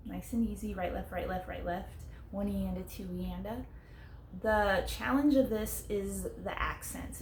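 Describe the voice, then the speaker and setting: A woman's voice: mid-range voice, darkish tone, a little hiss or hum. Echoey woman teaching drums. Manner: clear, friendly step-by-step explaining, counting beats aloud. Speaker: drum teacher. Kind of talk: casual instructional explanation. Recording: echoey room with faint ambience.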